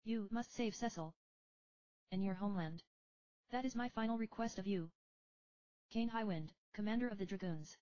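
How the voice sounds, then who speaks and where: A woman's voice: medium pitch, darkish tone, no room sound, lo-fi sound, pitched above the performer's own voice, lightly acted. A woman voicing the solemn, sorrowful spirit of an old male king in a storybook reading. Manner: slow, solemn and grieving.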